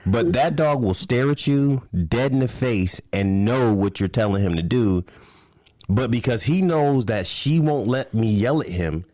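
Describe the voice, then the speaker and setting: Man co-host, animated storyteller, lively intonation, dry close recording. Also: medium pitch, unhurried, no echo. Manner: animated storytelling, laughs often. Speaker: podcast co-host. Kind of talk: casual chat.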